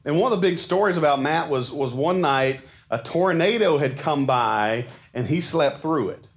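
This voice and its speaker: A man in his forties preaching a sermon in a casual, animated storytelling way, acting out the quotes he tells. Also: a little high, moderate pace. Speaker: pastor.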